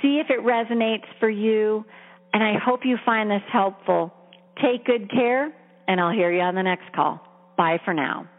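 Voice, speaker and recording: A woman's voice: medium pitch, a little slow. A woman career coach talking in an earnest, encouraging, conversational way, heard over a tinny phone-like line with long reverb. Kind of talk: coaching talk.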